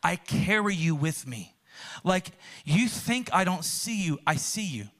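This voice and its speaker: A man acting out a tender, loving father who speaks softly to his son. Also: sing-song, a little slow, exaggerated voice. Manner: soft, tender, lowered voice.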